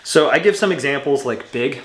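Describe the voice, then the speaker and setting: A man teaching an English grammar lesson from home, in a relaxed, chatty way that often corrects itself. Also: mid-range voice, normal speed, roomy sound. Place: home room with a cat.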